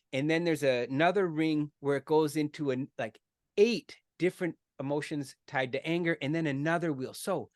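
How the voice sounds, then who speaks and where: A man's voice: fairly high pitch, dry recording, clean studio sound. A middle-aged man giving an earnest, conversational explanation as a podcast guest, often checking in with "right?" and restarting his words.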